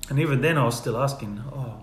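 A man casually recounting church testimonies, telling his story and softly acting out the dialogue. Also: mid-range voice, fast talker. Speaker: guest sharing testimonies. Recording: echoey room with faint ambient noise.

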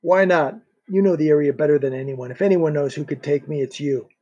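Man voicing firm pushy agent guy, keeps pleading, husky voice. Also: on the high side, fairly quick, warm tone, highs cut off. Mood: insistent. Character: determined male agent, professional and insistent. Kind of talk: audiobook character voice.

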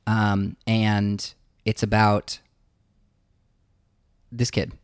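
Musician guest, male, low voice, halting and reflective, dry recording. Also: completely flat delivery, clean tone, no echo. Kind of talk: casual interview storytelling.

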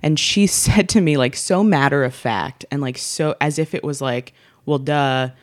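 A woman's voice: sits low, lively intonation, moderate pace, no room sound, clean studio sound. A woman of twenty-three in casual conversation as a guest, talking in a chatty way with many fillers and restarts. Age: 20s. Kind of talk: casual chat.

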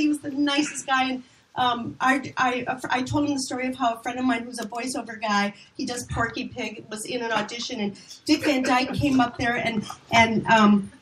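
A middle-aged woman from Minnesota, a casting director, telling animated, self-deprecating stories in a rambling chat. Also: sits high, noisy background. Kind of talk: casual storytelling chat.

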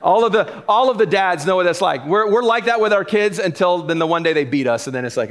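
A man's voice: high-pitched, expressive, brisk. A middle-aged man preaching a sermon from the pulpit in a casual, joking way. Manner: casual and joking, laughs between points. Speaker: pastor. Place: church sanctuary.

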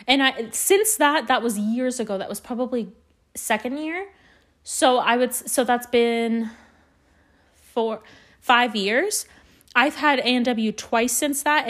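A young woman from Canada telling rambling stories on her solo podcast, swearing often and poking fun at herself. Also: a little high. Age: young adult. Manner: rambling, swears a lot, self-deprecating. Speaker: podcast host. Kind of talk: casual solo podcast storytelling.

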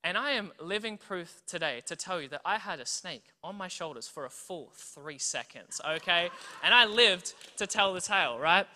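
An Australian preacher giving a sermon full of humorous stories, often checking in with the audience. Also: mid-range voice. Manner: animated, tells stories, keeps checking in with "right?" and "okay?". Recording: long reverb from a big hall.

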